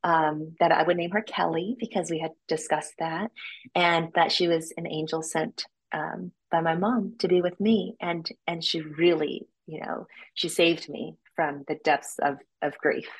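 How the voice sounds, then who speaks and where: Lower-voiced woman telling a personal story. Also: measured pace, breathy edge, poor audio. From United States. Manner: animated, acts out quoted voices with sudden jumps in pitch. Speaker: podcast guest. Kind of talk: casual interview storytelling.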